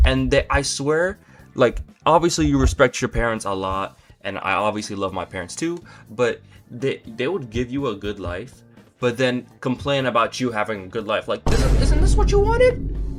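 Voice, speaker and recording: A man's voice: medium pitch, a bit bright. A young man doing a comedic rant to camera, exasperated and incredulous, with exaggerated outbursts. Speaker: comedy vlogger.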